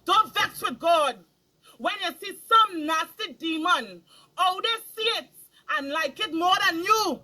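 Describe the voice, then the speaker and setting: Lady lecturing hard, super high voice, scolds and repeats herself over and over. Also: expressive, unhurried, sharp tone. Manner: scolding, emphatic, repeats phrases. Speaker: spiritual speaker. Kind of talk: impassioned moral lecture.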